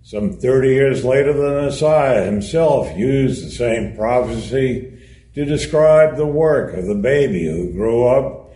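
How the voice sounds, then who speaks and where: A man reading a sermon aloud in a measured way, with touches of dry humor. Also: mid-range voice, animated, mellow. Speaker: reader of a sermon. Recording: echoey room.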